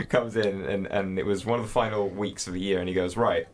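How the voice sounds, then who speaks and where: A man's voice: deep voice, fairly even intonation, fairly quick. Rambling man telling podcast anecdotes. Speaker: podcast co-host. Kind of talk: casual chat, storytelling.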